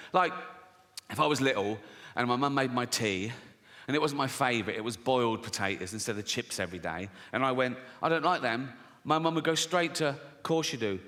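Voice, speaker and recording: A middle-aged comedian tells crude stories on a theatre stage and keeps breaking into voices for the people in them. His tone is bright and sits a little high for a man. A long hall reverb hangs on every line, and audience ambience stays faint behind him. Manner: brash, swearing, acts out voices of his mum and others. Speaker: stand-up comedian. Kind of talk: stand-up comedy storytelling. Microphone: stage microphone.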